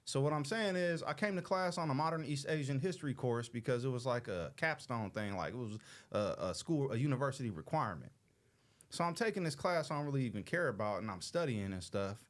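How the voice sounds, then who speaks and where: Man in his thirties from Los Angeles, show host, casual slangy storyteller who acts out quoted people, middle pitch. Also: expressive, a little fast.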